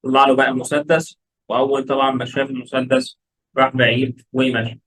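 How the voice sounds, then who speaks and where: A man with an Egyptian Arabic accent, an English teacher who reads a simple story slowly and carefully, then goes back over the words. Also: mid-range voice, little pitch movement, fairly bright tone, rough recording. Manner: slow, careful reading with drilled repetitions. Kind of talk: reading a graded story aloud, then explaining it.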